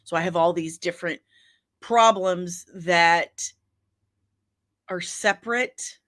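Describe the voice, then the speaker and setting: A woman's voice: on the low side, takes it slowly, a bit bright, no room sound, clean studio sound. A woman chatting casually and candidly on a livestream, rambling, laughing often and apologizing in asides.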